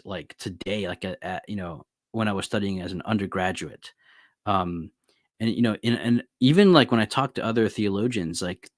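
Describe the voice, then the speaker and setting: A man's voice: lowish voice, dry recording, clean studio sound. A young man lecturing on theology in a casual, conversational way. He reads passages from a book aloud and comments on them with fillers and asides.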